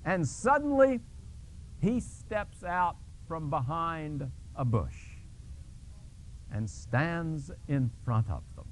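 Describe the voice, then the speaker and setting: Preacher guy giving a sermon, slow and drawn out, voice jumps all over as he tells the story. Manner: dramatic storytelling with sudden pitch jumps; restarts and fillers when explaining. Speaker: pastor.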